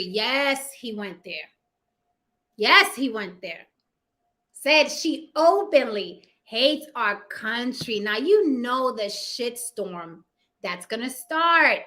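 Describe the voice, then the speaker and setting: A woman giving casual, profane opinion commentary, with sassy, animated asides to her viewers. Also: fairly high pitch, takes it slowly. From United States. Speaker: commentary vlogger.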